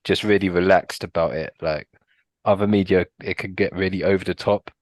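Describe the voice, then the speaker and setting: A man in a casual podcast chat, speaking in a laid-back, unhurried way. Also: low voice, fairly even intonation, no echo. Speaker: podcast co-host.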